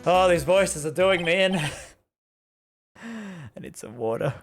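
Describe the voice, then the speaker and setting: A streamer chatting casually with viewers while playing, giggling between slow, unhurried remarks. The pitch swings a lot and game music plays clearly underneath. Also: animated.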